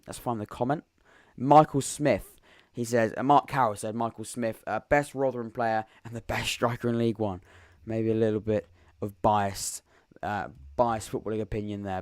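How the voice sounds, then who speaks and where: Low, smooth-voiced man rambling about football. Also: dry recording, studio quality. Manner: rambling, thinks aloud while reading comments. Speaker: podcast host. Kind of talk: live-stream football chat.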